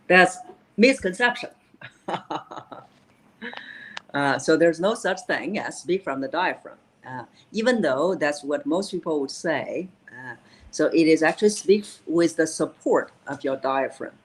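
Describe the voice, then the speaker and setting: A woman's voice: low voice, animated, unhurried, poor audio. Woman voice coach explaining technique. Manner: explanatory, many "uh" fillers, repeats key phrases.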